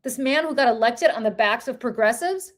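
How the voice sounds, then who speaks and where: A woman's voice: fairly high pitch, animated, fairly quick. A woman co-hosting a political podcast, ranting with passion, swearing and firing off rhetorical questions. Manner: impassioned, profane, rhetorical questions. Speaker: podcast co-host. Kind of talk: heated political commentary.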